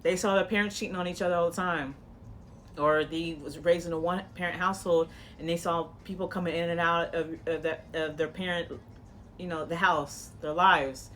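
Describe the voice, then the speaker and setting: A woman gives a casual tarot reading in a blunt, profane coaching style, rambling with lots of "you know"s and restarts. Her voice is on the low side and fairly bright, with fairly even intonation, normal speed and slight background noise.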